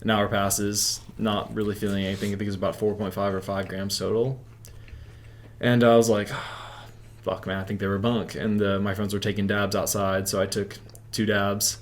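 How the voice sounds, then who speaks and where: A man's voice: fairly low pitch, level tone, moderate pace. A young man telling a story as an interview guest, rambling, with filler "like" in nearly every sentence. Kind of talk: casual storytelling.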